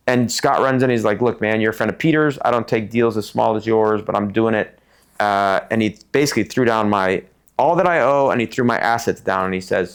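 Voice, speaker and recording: Middle-aged guy from tucson, gravelly voice, acts out the people in his stories. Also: fairly low pitch, fast. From Tucson, Arizona. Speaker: podcast guest. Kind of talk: casual storytelling interview.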